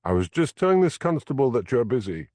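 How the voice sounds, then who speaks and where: A man's voice: medium pitch, big pitch swings, fast, warm tone, dry recording, pitched above the performer's own voice, close to an everyday voice. A man voicing a hostile, officious woman secretary with a curt manner.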